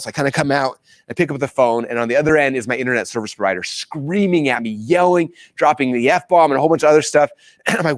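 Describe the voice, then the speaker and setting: A man hosting a course, telling a personal story with excitement and acting out his own past lines. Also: medium pitch, racing, no room sound. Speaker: course host. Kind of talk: animated storytelling.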